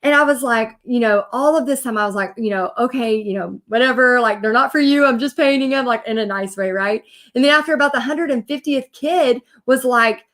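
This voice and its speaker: A woman in her thirties talks straight to her viewers over a live video, her voice sitting a little high. She rambles warmly through a personal story, filling it with "like" and "you know" and acting out what people said. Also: brisk, hardly any pauses. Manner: chatty, animated storytelling with many fillers. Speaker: business coach. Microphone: computer or phone mic on a live video.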